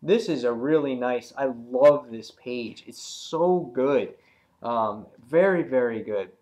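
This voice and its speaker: A man reviewing a comic book in casual talk, retelling scenes excitedly with many fillers and acting out the characters' lines. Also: medium pitch, slow pace. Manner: loose and rambling, many fillers.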